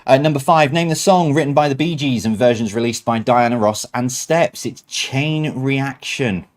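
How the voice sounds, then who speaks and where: A man's voice: medium pitch, normal speed. A man hosting a streamed quiz night, reading out answers with chatty, self-mocking asides. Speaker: quiz host.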